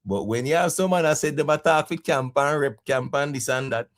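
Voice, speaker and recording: A young adult Jamaican man hosting a casual live stream, laughing often and giving shout-outs to viewers in patois. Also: on the high side, a little fast.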